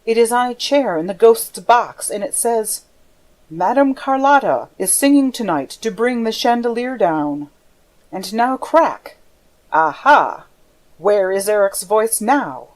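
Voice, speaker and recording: A woman's voice: fairly high pitch, animated, slow pace. A woman voicing a brooding, lonely masked man in an audiobook reading, rambling from weariness to taunts. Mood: taunting. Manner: rambling, shifting from weary to taunting.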